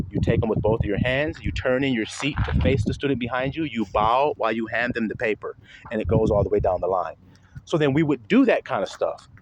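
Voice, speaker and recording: A young man preaching casually, telling a story with frequent rhetorical questions. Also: medium pitch. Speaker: online preacher. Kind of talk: casual religious talk. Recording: noisy background.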